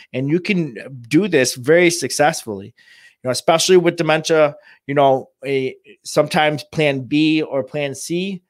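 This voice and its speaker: A man who works in home care, giving informal advice to families and talking in halting bursts full of restarts and fillers. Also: a little high, no echo, clean studio sound. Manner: halting, many restarts and "you know" fillers.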